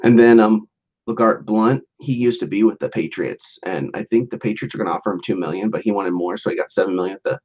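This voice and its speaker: Rambling low-voiced man on a lo-fi mic. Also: quick pace, a little mellow. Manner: rambling, lots of "like" and restarts, chuckles often. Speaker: podcast host. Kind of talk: casual solo commentary.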